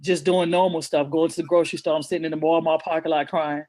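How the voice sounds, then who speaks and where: A woman speaks as a guest author, telling her story candidly and earnestly. Her talk is emotional and halting, with frequent restarts. The sound is dry and close. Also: deep voice, steady tone, mellow, no echo. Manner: earnest, emotional, repeats herself while recounting. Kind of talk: candid personal storytelling in an interview.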